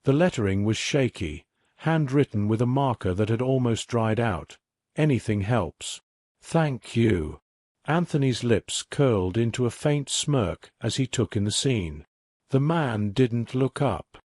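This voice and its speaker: A man narrating a scripted dramatic story in a steady, even delivery. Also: medium pitch, a little slow, dry recording, studio quality.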